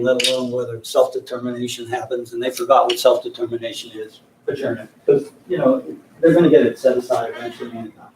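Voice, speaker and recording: A man's voice: mid-range voice, darkish tone, a little hiss or hum. Older man teaching in an echoey room. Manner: folksy, joking, with self-interruptions and restarts. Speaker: mediation trainer. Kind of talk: training class, demonstrating a mediator's opening statement. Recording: echoey room from a distant mic.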